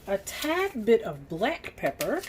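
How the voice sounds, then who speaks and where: A woman's voice: on the high side, huge pitch swings, slow pace, a little hiss or hum. A middle-aged woman with a Southern US accent, chatting folksily to her viewers as she stirs and cooks in her home kitchen. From Southern United States. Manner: folksy, talks straight to viewers while stirring. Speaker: cooking channel host. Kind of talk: chatty cooking demonstration.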